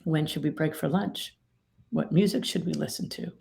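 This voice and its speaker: A woman's voice: low-pitched, normal speed, creaky, dark tone. A middle-aged woman, an attorney mediator and author, explaining her ideas emphatically with vivid everyday examples in an interview. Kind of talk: interview conversation.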